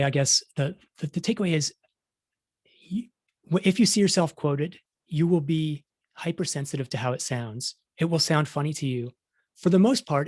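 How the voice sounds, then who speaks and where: Fairly high in pitch yet darkish in tone, a middle-aged man delivers a conversational conference talk. He's a science journalist who restarts many times and performs quotes along the way, recorded in a clean studio with no room sound.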